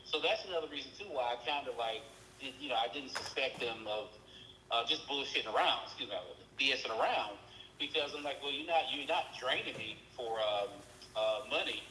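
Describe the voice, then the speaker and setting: Hombre animado con voz brillante. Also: male voice, a little fast, roomy sound, slight background noise, poor audio. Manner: animated, jumps high in pitch when quoting his own exasperation. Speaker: caller telling his experience. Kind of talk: casual storytelling on a group call.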